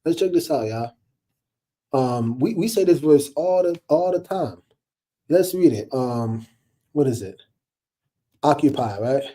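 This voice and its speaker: A man giving a casual, preachy monologue to his viewers, animated and laughing often as he calls them y'all. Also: fairly high pitch. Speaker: online commentator.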